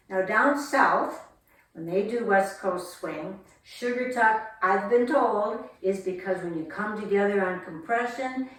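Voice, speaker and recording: Woman, dance instructor, counting steps in a sing-song rhythm, very echoey room, distant mic. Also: medium pitch. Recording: echoey room from far off, faint noise.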